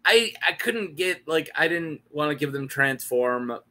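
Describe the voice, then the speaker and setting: Bright, jokey young man chatting. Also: fairly high pitch, expressive, a little slow. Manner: jokey, talks to himself, laughs often. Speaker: YouTube host. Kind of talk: casual chat.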